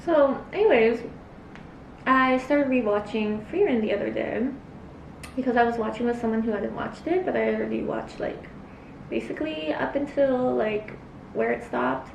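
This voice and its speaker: A young woman who does cosplay vlogs eats on camera in a casual mukbang, rambling between bites and leaning on lots of filler words. Her voice is fairly high, with vocal fry and a moderate pace. The audio is dull and roomy, picked up by a distant mic with a faint hiss.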